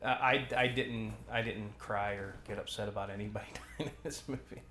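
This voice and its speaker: A man co-hosting a podcast, casually commenting on a film as he watches, talking in halting stops and restarts. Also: on the low side, fairly even intonation, pushed and bright. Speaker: podcast co-host. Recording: roomy echo, faint noise.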